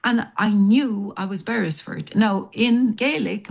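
An Irish woman being interviewed as a guest, telling long stories in a rambling, animated way. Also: mid-range voice, measured pace, gravelly, few pauses. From Ireland. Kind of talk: storytelling interview.

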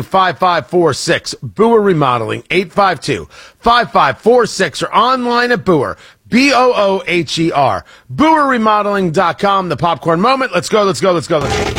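A man hosting talk radio, reading an ad live and then commenting, in an energetic, emphatic and repetitive way. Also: sits high, breathy edge.

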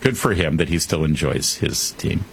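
A man's voice: extremely low pitch, expressive, moderate pace, vocal fry, slight background noise. A man hosting a talk radio show, delivering a comedic monologue full of sarcastic jokes and wry asides.

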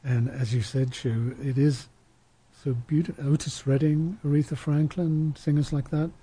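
A man's voice: a little high, steady tone, moderate pace, mellow, slightly rough. A man from outside the US talking reflectively in a casual panel discussion, often restarting his sentences.

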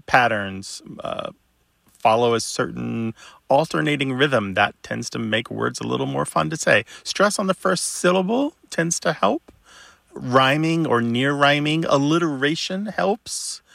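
Gravelly, bright-toned male radio host. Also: medium pitch, dry recording. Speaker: co-host, word expert. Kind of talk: radio call-in chat.

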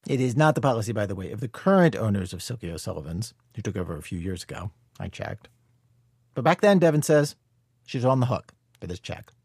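A man narrating a podcast story in a measured, scripted way. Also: fairly low pitch, sing-song, creaky, a little mellow, husky, dry recording, studio quality.

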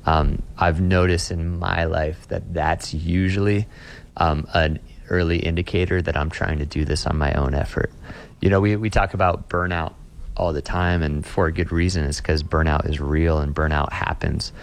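A man's voice: sits low, fairly even intonation, normal speed, gravelly. A pastor talking earnestly in a casual interview, often repeating words as he restarts a thought. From Austin, Texas.

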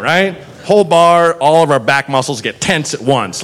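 A man doing stand-up, telling a story in an animated, profane way and jumping into voices. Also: fairly high pitch, normal speed. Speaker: stand-up comedian.

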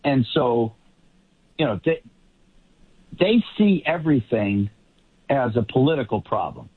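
A man commenting on politics in a casual panel talk, rambling with quick asides. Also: mid-range voice, sing-song, slightly rough. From Boston area. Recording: tinny phone-like line.

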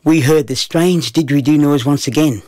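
A man's voice: a little high, normal speed, a little mellow, dry recording. A man telling a playful children's story. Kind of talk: storytelling narration.

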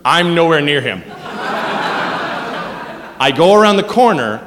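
Male stand-up comic, high and very animated, mutters low then shouts; live stage recording with hall reverb. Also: unhurried, noisy background. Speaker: stand-up comedian. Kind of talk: stand-up storytelling.

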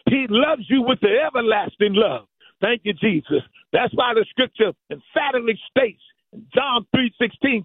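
A man preaching a fervent sermon, rhythmic and repetitive, rising to high chanted peaks and dropping low again. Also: breathy edge, dry recording. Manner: rhythmic preaching with repeated "thank you, Jesus". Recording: tinny lo-fi radio broadcast.

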